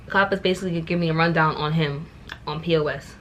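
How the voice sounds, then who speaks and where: Animated young New woman telling a story. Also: low voice, quick pace, a little hiss or hum. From New York. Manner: animated, exasperated, repeats words for emphasis. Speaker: vlogger. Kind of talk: casual storytime.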